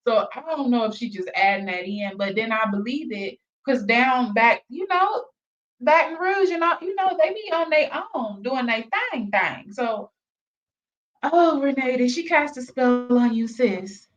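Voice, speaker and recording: A woman's voice: a little high, expressive, unhurried, lo-fi sound. A woman hosting a reaction channel, chatting casually and exclaiming gossipy asides to her viewers.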